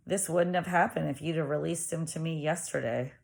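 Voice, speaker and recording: A woman voicing a small, determined woman lawyer who speaks forcefully and indignantly. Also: low-pitched, brisk, creaky.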